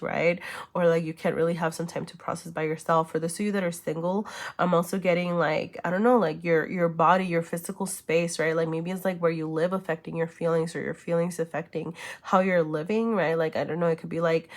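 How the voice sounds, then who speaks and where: A woman giving a casual tarot reading, chatty and reassuring, speaking straight to the viewer with lots of fillers and check-ins, sniffling a little. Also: lowish voice. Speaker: tarot reader.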